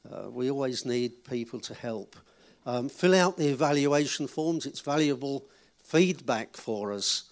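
A man's voice: mid-range voice, expressive, measured pace. A man giving notices at a church gathering and then telling a short joke, in a chatty, friendly way. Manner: chatty, friendly announcer, joking with the audience. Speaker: event leader giving notices.

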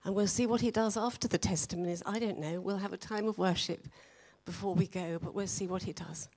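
A woman leading a church meeting, gently encouraging the people to share their testimonies. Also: medium pitch, steady tone, brisk. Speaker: meeting leader. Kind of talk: church exhortation.

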